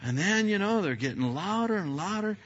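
Halting, bright-voiced man preaching. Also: high-pitched, dull audio. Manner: halting, repeats words, animated storyteller. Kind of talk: sermon storytelling.

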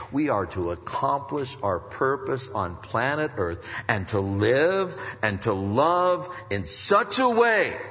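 A male pastor preaching a sermon, swinging from soft, low passages to loud, high, emphatic stretches. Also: gravelly. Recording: muffled recording in a reverberant hall.

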